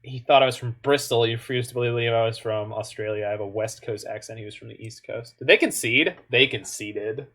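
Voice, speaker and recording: A man's voice: medium pitch, brisk, hardly any pauses, fairly bright tone. Playful man chatting through a card game. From Canada. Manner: playful, joking, muttered asides. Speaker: online card game player. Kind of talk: casual gameplay commentary.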